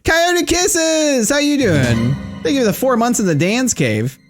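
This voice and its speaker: A man giving live gameplay commentary as a streamer. He is excitable, swears, and talks straight to his chat. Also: extremely high pitch, unhurried. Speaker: game streamer. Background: game music.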